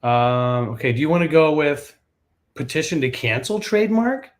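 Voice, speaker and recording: A man's voice: fairly high pitch, very animated, moderate pace. A man hosting a live legal Q&A show, who reads viewer questions aloud and answers them with jokes. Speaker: patent attorney host.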